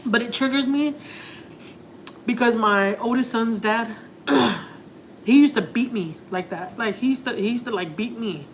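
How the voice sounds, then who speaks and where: A woman with a fairly high voice tells a story to her family-vlog viewers at a measured pace. Casual and rambling, she confides emotionally and uses "like" and "you know" constantly, and the low-quality audio carries a little hiss or hum.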